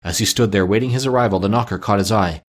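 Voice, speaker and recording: A man narrating a classic story with a lively, expressive reading. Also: lowish voice, fast talker.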